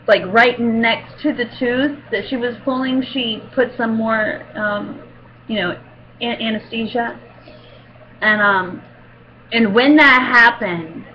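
Slow-talking woman sharing a testimony. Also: medium pitch, dull audio. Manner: rambling and conversational, with frequent fillers and soft laughs. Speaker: Christian vlogger sharing a testimony. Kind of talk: casual spoken testimony.

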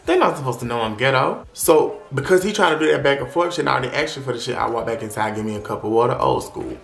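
Young guy spilling a wild story, loud cussing, real animated, echoey room. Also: medium pitch, quick pace, vocal fry, few pauses. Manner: animated, profane, dramatic storytelling. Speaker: vlogger. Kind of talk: storytime vlog. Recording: roomy echo.

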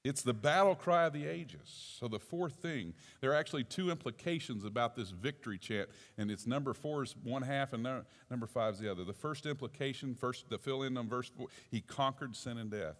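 Male pastor preaching in a reverberant sanctuary, lively delivery, soft asides and loud outbursts. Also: medium pitch, brisk, few pauses. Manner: animated preaching, swinging from soft asides to shouted exclamations. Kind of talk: sermon. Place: church sanctuary. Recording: long church reverb.

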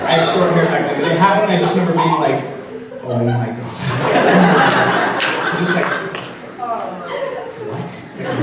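Young man speaking in echoey school hall. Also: medium pitch. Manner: animated storytelling, frequent "like" fillers. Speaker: motivational speaker. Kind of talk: school assembly speech. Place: large school gym or auditorium. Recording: very echoey hall, distant, noisy.

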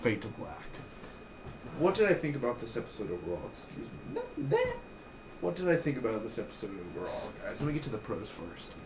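A young man giving an excitable, rambling casual review of a TV episode, with lots of fillers. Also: mid-range voice, fast talker, background noise.

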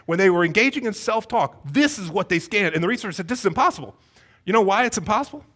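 A man's voice: high-pitched, expressive, fast, fairly bright tone. A man pastor preaching a sermon, asking the congregation one rhetorical question after another. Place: church sanctuary.

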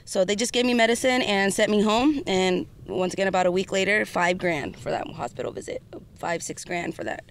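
A young woman from Orange County telling her story as an interview guest, animated and quoting others. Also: medium pitch, fairly quick, a little hiss or hum. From Orange County, California.

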